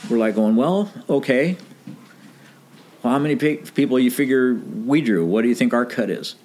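A man's voice: medium pitch, moderate pace. A middle-aged man casually telling a story from his band days, acting out the dialogue and laughing now and then. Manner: animated anecdote with quoted dialogue, laughs often.

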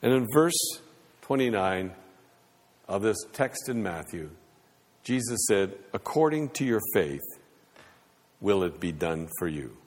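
A man's voice: deep voice, very animated, unhurried, long pauses. A man preaching a sermon as pastor, with rising and falling emphasis. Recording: long hall reverb.

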